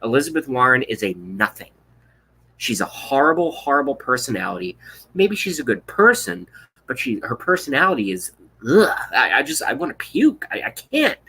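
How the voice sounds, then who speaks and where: A man's voice: mid-range voice, big pitch swings, moderate pace, bright, forceful tone, breathy edge. Blunt, profane man in his thirties ranting. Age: 30s. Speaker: political vlogger. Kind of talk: ranting live stream, reading chat.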